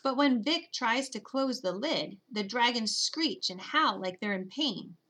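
Audiobook narrator: a woman who reads a children's storybook in first person, bright and expressive. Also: fairly high pitch, unhurried.

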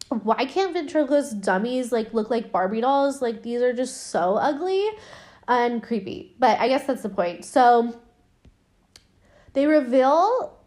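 A woman's voice: on the high side, a little mellow. A woman hosting a podcast, recapping a horror film in a chatty, profane way full of fillers. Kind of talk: casual movie recap.

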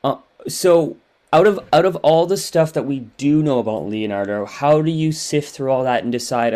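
Male interviewer, mid-pitched, halting and wordy questions. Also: expressive, mellow. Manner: hesitant, repeats words while asking.

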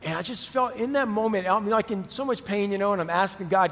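A middle-aged man preaching a sermon, telling a personal story in a conversational, animated way. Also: high voice, fairly quick. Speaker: pastor. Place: church auditorium. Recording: long hall reverb.

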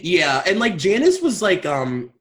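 A woman's voice: fairly low pitch, huge pitch swings, measured pace. A young woman co-hosting a podcast in casual chat, laughing a lot and swearing. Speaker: podcast co-host.

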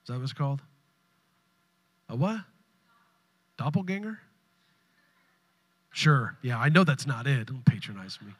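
A man, preaching a sermon to his congregation, swinging between loud bursts and hushed asides. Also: mid-range voice, big pitch swings, measured pace, pauses often, breathy edge. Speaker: pastor. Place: church sanctuary with congregation.

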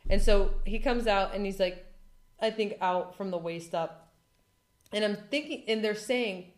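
A woman in her thirties telling a dramatic personal story in casual chat, animated and full of fillers. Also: mid-range voice, normal speed. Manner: animated, dramatic retelling with lots of "like". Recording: echoey room.

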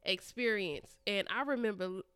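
A woman's voice: mid-range voice, moderate pace, background noise. A woman in her thirties co-hosting a podcast, thoughtfully recalling the past in casual chat. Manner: earnest, reflective storyteller. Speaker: podcast co-host.

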